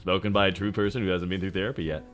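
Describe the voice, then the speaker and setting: A man in his thirties talks with his live chat in a deep, low voice, sitting close to the microphone. He teases and jokes in a loose, casual way. Music plays clearly behind him. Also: fairly even intonation, rapid-fire, fairly bright tone. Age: 30s. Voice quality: naturally deep voice. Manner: joking, teasing, talks straight to chat. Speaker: VTuber streamer.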